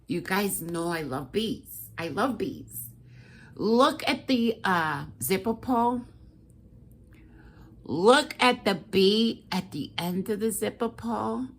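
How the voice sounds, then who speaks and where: A woman chatting to camera as a cross-stitch vlogger, gushing and excitable as she talks straight to her viewers. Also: mid-range voice, slow, husky. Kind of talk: casual chat to camera.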